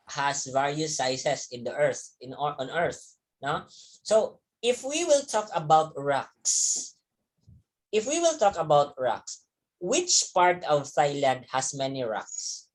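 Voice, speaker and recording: A man's voice: on the high side, very animated, slow. A man, a teacher telling young students a story from his childhood, repeating words and chuckling as he goes. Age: 30s.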